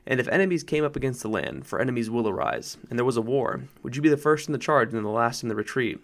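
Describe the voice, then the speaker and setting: A man voicing a great lion who speaks slowly, low and deep, with solemn kingly gravity, in an audiobook. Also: big pitch swings, vocal fry. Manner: slow, grave, low and deep. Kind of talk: audiobook narration.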